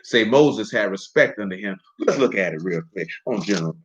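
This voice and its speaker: Animated preacher with a dull lo-fi sound. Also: male voice, on the low side, fairly quick, slight background noise. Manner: animated, emphatic, conversational street talk. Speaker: preacher teaching scripture. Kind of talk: sermon. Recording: dull lo-fi recording.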